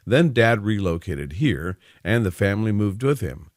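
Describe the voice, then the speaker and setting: A man's voice: lowish voice, big pitch swings, normal speed, dry recording, clean studio sound. A man voicing a casual, talkative young man with an easygoing manner. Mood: chatty.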